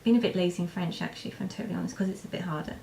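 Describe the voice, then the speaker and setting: A woman's voice: lowish voice, very fast, gravelly, darkish tone, a little hiss or hum. Rambling woman chatting to camera. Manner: rambling, hesitant, many ums and restarts. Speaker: vlogger answering viewer questions. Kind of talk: casual chat to camera.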